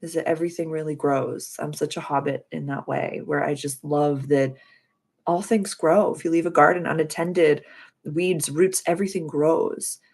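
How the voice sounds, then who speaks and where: Young woman host, gravelly low voice, effusive chat about birth charts. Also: normal speed. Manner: effusive, gushing with frequent high excited exclamations. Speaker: astrology livestream host. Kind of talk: casual chat reading viewers' charts.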